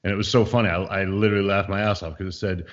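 A man's voice: low voice, steady tone, racing. A young man co-hosting a podcast, joking and poking fun at himself as he reads out listener questions. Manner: jokey, self-mocking, reads listener questions. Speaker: podcast co-host. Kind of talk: casual chat. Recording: slightly dull lo-fi sound.

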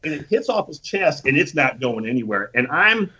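A man casually telling an animated, profane anecdote and acting out the quotes. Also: fairly high pitch, moderate pace, slightly rough. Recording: dull lo-fi recording.

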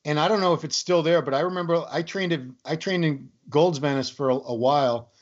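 A man telling a self-deprecating story in casual chat, easygoing and relaxed. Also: fairly high pitch, a little fast, highs cut off.

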